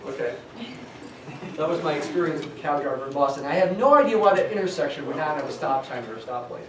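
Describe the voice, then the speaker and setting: A man's voice: fairly high pitch, animated, fast. A man teaching a statistics class, talking conversationally and thinking aloud as he works through examples. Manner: conversational, thinks aloud with restarts, tells asides. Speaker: statistics lecturer. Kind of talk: classroom lecture. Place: lecture hall. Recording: echoey classroom, distant mic, faint hum.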